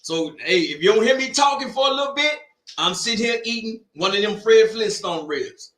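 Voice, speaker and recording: Loud joking man, echoey room. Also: high voice, lively intonation, normal speed. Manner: loud, joking, slangy banter. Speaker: watch party host. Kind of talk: casual chat. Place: home room.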